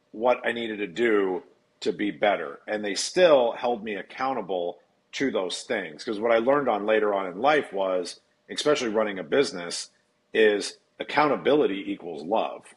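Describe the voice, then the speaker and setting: A man's voice: on the low side, expressive, normal speed, rough recording. A man from Nebraska telling his recovery story as a podcast guest, candid, blunt and profane.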